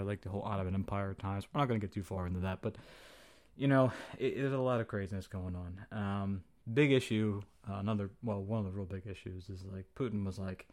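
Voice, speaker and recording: Speaking in a lowish voice with a darkish tone, a young podcast host delivers a casual opinion monologue. He's flippant, profane and slangy, and he acts out quotes along the way.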